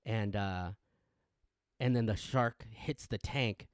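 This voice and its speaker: A man co-hosting a casual podcast, an animated storyteller who acts out quotes. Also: lowish voice, slow, dry recording, studio quality. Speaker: podcast co-host. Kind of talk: casual chat.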